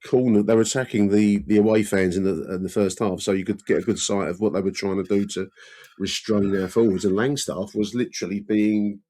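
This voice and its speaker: A man chatting football on a podcast, easygoing and quick to laugh, with plenty of "you know" and "I mean". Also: fairly low pitch, steady tone, warm tone. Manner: chatty, laughs often, lots of fillers. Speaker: podcast co-host. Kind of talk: casual football chat.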